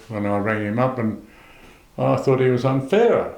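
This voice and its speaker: Gravelly older Australian man with a mid-range voice. He recounts a grievance in plain, rambling, aggrieved speech and quotes himself and others as he goes. He is recorded in a roomy, echoing space. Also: medium pitch, moderate pace, a little mellow. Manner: aggrieved, retells dialogue in long runs. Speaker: farmer interviewee. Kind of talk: telling a story in casual chat. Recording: roomy echo.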